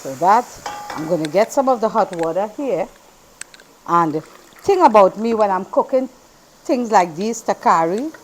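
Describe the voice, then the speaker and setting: A woman's voice: medium pitch, a little mellow, slight background noise. Chatty Trinidadian woman cooking at home. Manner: chatty, repeats phrases, talks while working. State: throat irritated, coughing now and then. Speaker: cooking channel host. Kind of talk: casual cooking demonstration. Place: home kitchen.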